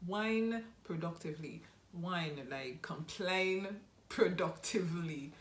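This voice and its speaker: With a lowish voice and slow pace, a young adult woman from Nigeria gives earnest, encouraging advice as a YouTube host on her motivational vlog, repeating her main points. The sound has a roomy echo.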